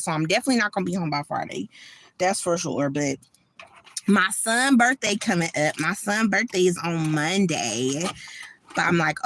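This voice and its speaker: A woman's voice: fairly low pitch, a bit bright, no echo. A woman, venting in a rambling, emotional vlog from a parked car, upset and homesick. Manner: venting, rambling, repeats herself. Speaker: vlogger.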